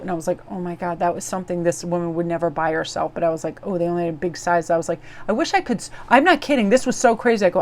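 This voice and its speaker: A woman giving a casual daily tarot reading in a bubbly, effusive, chatty way. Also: fairly low pitch. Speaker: tarot reader.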